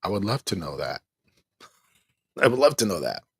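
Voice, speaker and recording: A middle-aged man hosting a livestream, talking in a weary, exasperated way with a husky voice and rueful laughs while he reads the chat. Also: low voice, big pitch swings, normal speed, no room sound, studio quality. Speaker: livestream host. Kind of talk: venting on a livestream, reading chat.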